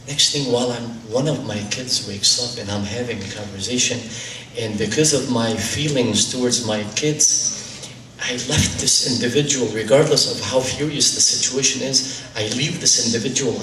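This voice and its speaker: A man's voice: mid-range voice, moderate pace, a bit bright, slight background noise. A man giving a dramatic storytelling sermon, narrating in the first person and reciting Arabic supplications with mounting intensity. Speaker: lecturer. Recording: roomy hall, distant mic, faint ambience.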